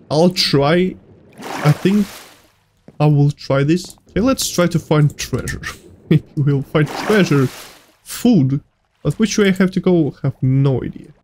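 High-pitched guy, slow and jumpy, freaking out at a horror game. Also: slight background noise. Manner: excitable, yelps and laughs, non-native phrasing. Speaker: gaming YouTuber. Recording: faint music behind.

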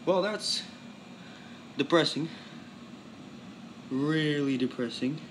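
Excitable male vlogger, somewhat high voice, rambling and worked up, faint hum behind. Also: slow. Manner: excitable, rambling, frequent exclamations. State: sweaty and worked up. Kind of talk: excited casual teardown vlog.

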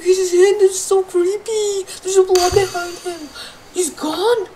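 A young woman with a very high, girlish voice reacts to a horror game in breathless, frightened bursts. She talks slowly and drawn out, and a steady hiss of noise sits under her voice. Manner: excitable, squealing and gasping, breathless frightened exclamations. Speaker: gaming video creator. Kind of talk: playing a horror game for viewers.

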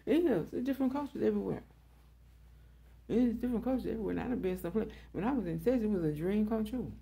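A woman's voice: mid-range voice, lively intonation, quick pace, gravelly, warm tone, slightly rough. A woman hosting her own online show, giving a blunt, profane opinion monologue and repeating her points.

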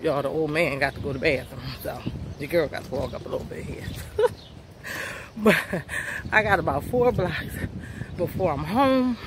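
A woman's voice: on the low side, a bit bright, a little hiss or hum. A woman vlogging outdoors while walking her neighborhood, out of breath and chatty, encouraging viewers to get up and move. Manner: encouraging, chatty, calls viewers honey and y'all. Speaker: fitness vlogger. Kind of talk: casual motivational vlog while walking. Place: outdoors on a sunny neighborhood street.

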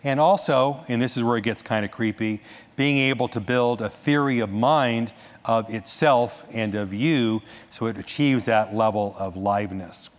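A man giving a conference talk on stage, animated, restarting sentences and adding asides as he goes. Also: medium pitch, moderate pace. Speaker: conference speaker. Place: large conference hall. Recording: echoey hall reverb.

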